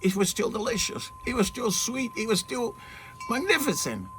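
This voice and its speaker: A spiritual teacher gives an earnest, informal talk outdoors in the shade at his home, among trees and mountains, in a very high, sing-song, bright and forceful voice at normal speed. He often asks rhetorical questions and checks in with "okay?". Soft music plays under faint outdoor ambience of birds and wind chimes.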